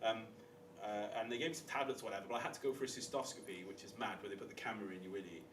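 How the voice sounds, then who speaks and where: A young man telling lively, crude stories from his past as a podcast guest, acting out what people said in loud voices, laughing and swearing. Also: lowish voice, very fast, distant mic, noisy background. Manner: animated anecdotes, acts out quotes loudly, laughs, swears. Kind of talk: casual storytelling chat.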